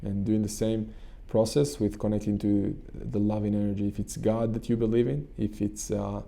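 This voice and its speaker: A man hosting his channel, leading a guided meditation in an earnest, repetitive way with frequent halting restarts. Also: lowish voice, level tone, gravelly, warm tone. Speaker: channel host and coach. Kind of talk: motivational talk with guided meditation.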